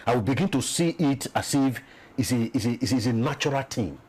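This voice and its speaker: Talking fast with lively intonation, this Nigerian-accented peace commission official makes forceful political arguments as an interview guest, repeating words to drive points home. His mid-range voice is a little mellow with a breathy edge, and the recording quality is low.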